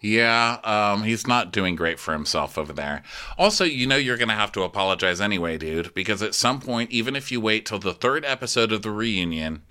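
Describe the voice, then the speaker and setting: A man co-hosting a casual recap, his voice very bright with lively rises and falls. He talks in a chatty, exasperated way about what he watched. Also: fairly low pitch, brisk, clean tone. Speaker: podcast co-host.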